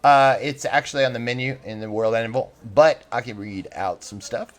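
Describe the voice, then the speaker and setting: A man narrating as game master in a relaxed, chatty way. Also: mid-range voice, moderate pace.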